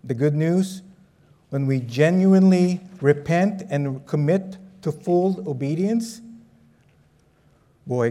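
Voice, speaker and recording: A man from the Philippines, preaching a sermon with a personal story and asking the audience questions in a lively, conversational way. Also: medium pitch.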